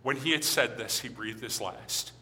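A man's voice: medium pitch, normal speed, bright, forceful tone, a little hiss or hum. A middle-aged male minister preaching a sermon and reading scripture aloud, earnest and building to emphatic stresses. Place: church sanctuary. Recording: long hall reverb.

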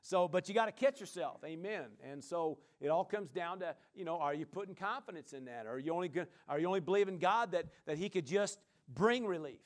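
A man's voice: high voice, lively intonation, brisk, few pauses. A male pastor preaching a sermon in a casual, conversational way, dropping frequent amens and praise Gods between his points. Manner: casual, conversational delivery with many fillers.

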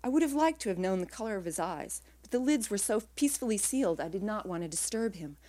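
A woman writer reading her own literary prose aloud in a quiet, measured way, her phrases trailing off softly. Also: medium pitch, lively intonation.

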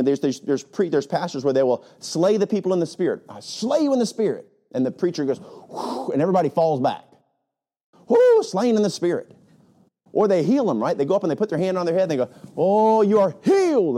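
A man's voice: mid-range voice, mellow. A male pastor preaching a sermon with emphatic rhetorical questions and frequent "right?" asides, sometimes mocking other preachers.

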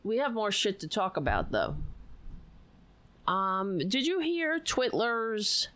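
A woman's voice: mid-range voice, sing-song, slow pace, fairly bright tone, clear, resonant tone. A woman hosting a livestream, ranting about politics on a close mic, profane and sarcastic. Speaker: livestream host. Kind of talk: casual political rant.

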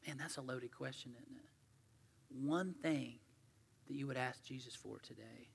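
A male pastor preaching in a conversational, storytelling way, swinging between loud emphasis and hushed asides. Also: medium pitch, fairly even intonation, a little slow, creaky, long pauses, husky. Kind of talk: sermon. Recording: long hall reverb.

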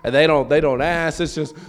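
A man preaching a sermon in a loose, conversational way, asking the listeners questions and acting out quoted voices. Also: on the high side. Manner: conversational, repeats words and acts out quoted voices.

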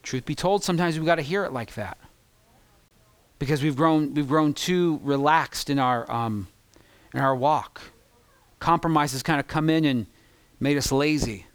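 A man preaching a sermon as pastor, impassioned, swinging between loud peaks and hushed, confessional asides. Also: a little high, normal speed, pauses often, smooth, no room sound.

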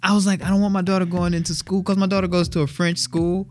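A man in casual podcast chat, telling lively stories and putting on voices. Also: high voice, quick pace. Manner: animated storyteller, mimics voices with laughs. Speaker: podcast guest.

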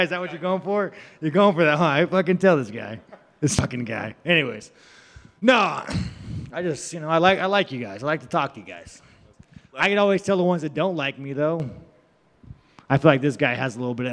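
In an echoing room, a pro fighter fields reporters' questions with meandering, foul-mouthed, derisive responses. His mid-range voice is a bit bright.

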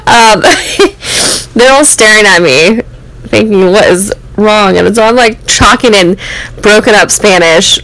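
A woman's voice: medium pitch, takes it slowly, a bit bright, low-quality recording. A young American woman, host of the show, telling a personal story in a candid, rambling way full of "like" and "um". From United States. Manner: candid, rambling, many fillers and "like".

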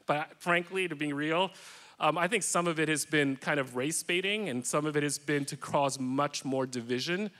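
A man's voice: fairly high pitch, moderate pace, pushed and bright. A man who coaches executives, speaking earnestly and emphatically in a panel discussion.

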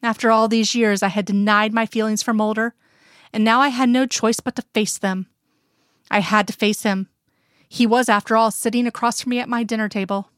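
A woman narrating a first-person fan fiction story in a calm, reflective reading. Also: fairly high pitch, a little fast, smooth, no room sound, studio quality. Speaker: reader.

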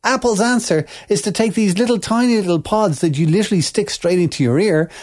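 A man's voice: high-pitched, a little fast, darkish tone. A man co-hosting a chat show, ranting in an exasperated, sarcastic way and often asking "all right?". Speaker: co-host.

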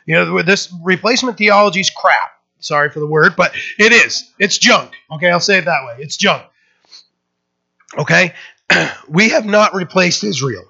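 A man preaching a sermon with a bright, forceful voice that sits a little high for a man. He talks in a casual, emphatic way, full of fillers and restarts, and jumps up in pitch when he acts out quoted voices. The recording sounds dull and muffled. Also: animated, brisk, gravelly. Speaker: pastor.

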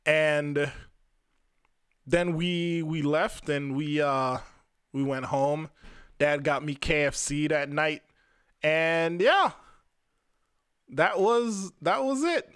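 A young man with a bright, forward voice, a little higher than most men, recounts his own story on a podcast. His talk is candid and profane and loose with "like". The sound is dry and close, with no room to it. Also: slow, pauses often, smooth, no echo. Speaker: podcast host. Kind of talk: personal storytelling monologue.

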